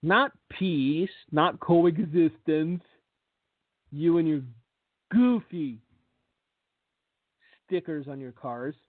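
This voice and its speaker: A man's voice: a little high, extremely slow, long pauses, no room sound. A man hosting a radio commentary, blunt and sarcastic, who often repeats words as he starts a thought. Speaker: radio host and preacher. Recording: tinny phone-like line.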